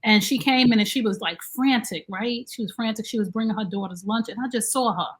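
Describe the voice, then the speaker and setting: Husky-voiced woman telling a story. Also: fairly high pitch, brisk. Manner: animated storyteller, acts out quoted dialogue. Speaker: co-host; special needs mom. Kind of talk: casual chat.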